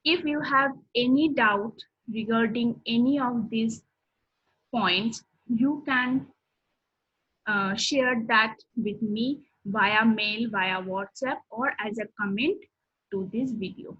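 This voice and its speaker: A woman lecturer speaks in a fairly high, slightly husky voice. She works through her topics one by one in a steady, explanatory way. The recording sounds dull and lo-fi. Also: slow pace.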